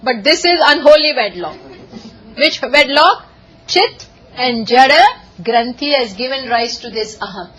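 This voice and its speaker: A woman giving a lively scripture lecture, telling stories and often laughing. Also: sits high, a little slow, poor audio. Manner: animated storytelling, often laughing. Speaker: spiritual teacher.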